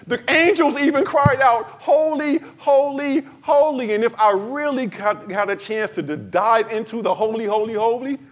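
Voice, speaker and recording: A man preaching a sermon to his congregation, swinging from fervent cries to soft, emphatic lines and addressing the church directly. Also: sits high, normal speed, hardly any pauses. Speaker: pastor.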